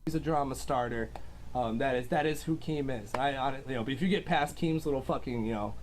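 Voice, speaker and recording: A man's voice: medium pitch, fairly quick, a little hiss or hum. A man telling his side of a dispute casually, rambling with many fillers. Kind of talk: casual storytelling.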